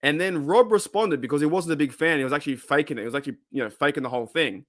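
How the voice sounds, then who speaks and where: A middle-aged Australian man hosts a live podcast, racing through a long, rambling story packed with slang, restarts and laughter. His voice is fairly high, and the clean studio sound has no echo.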